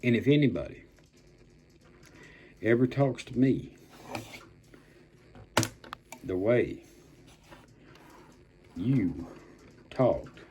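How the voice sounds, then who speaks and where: A man's voice: medium pitch, animated, slow, pauses often, mellow, highs cut off, slight background noise. An older man delivering an angry political rant, blunt and profane, stretching out words for emphasis and making threats. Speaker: political commentator.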